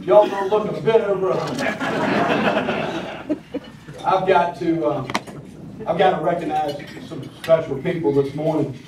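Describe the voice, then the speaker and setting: An older man with a Southern American drawl delivers a folksy speech, pausing often with ums and uhs. His voice sits a little high for a man. It rings through a large, echoey hall from some distance off, with faint clinking of cutlery behind him. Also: background noise. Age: 60s. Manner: folksy and personal, with hesitant fillers. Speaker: county commissioner speaking at a public event. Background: clinking cutlery and dishes.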